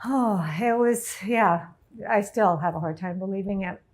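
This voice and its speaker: A middle-aged woman, a life coach, telling a personal story to an audience in an emotional, halting way. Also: medium pitch. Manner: emotional, halting, tearful at times.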